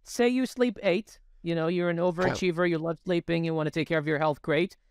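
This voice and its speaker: A man co-hosting a podcast, telling stories in a profane, animated, casual way. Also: fairly high pitch, brisk, clear, resonant tone, no echo, studio quality. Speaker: podcast co-host.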